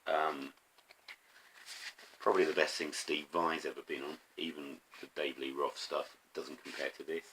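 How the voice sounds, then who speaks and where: Very deep gravelly middle-aged man. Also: little pitch movement, pushed and bright, slight background noise. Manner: enthusiastic, halting with frequent ums. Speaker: vinyl record collector vlogger. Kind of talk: casual record review to camera.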